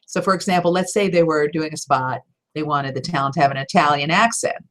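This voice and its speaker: A woman voiceover coach answering viewer questions in a live Q&A, direct and encouraging, with emphatic stresses and quick laughs. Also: low-pitched, fairly bright tone. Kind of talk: live Q&A teaching talk.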